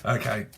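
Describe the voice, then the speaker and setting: A man's voice: medium pitch, noisy background. A man, giving a casual online tarot reading in a blunt, profane way and laughing often. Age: 40s. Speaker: tarot reader.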